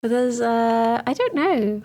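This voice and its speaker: A woman co-hosting a casual podcast, chatty and quick to laugh. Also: a little high, animated, mellow, a little hiss or hum. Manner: chatty, laughs easily, playful. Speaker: podcast co-host. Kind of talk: casual chat.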